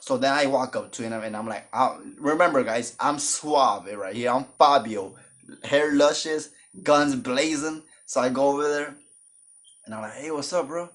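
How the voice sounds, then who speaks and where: A man's voice: mid-range voice, moderate pace. A man telling a personal story in a casual, jokey way and acting out the voices of the people in it. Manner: animated, jokey, acts out the voices of other people. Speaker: storytime vlogger.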